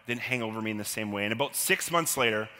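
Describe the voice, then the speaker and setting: A man telling a personal childhood story live, animated and self-deprecating, acting out the quotes. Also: fairly low pitch, quick pace. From Canada. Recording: long hall reverb.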